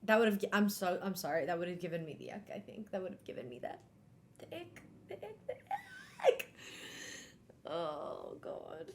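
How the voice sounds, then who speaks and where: A woman hosting a casual live-stream book club, talking in an animated way with exclamations and trailing fillers. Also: fairly low pitch, fast, few pauses, a little hiss or hum.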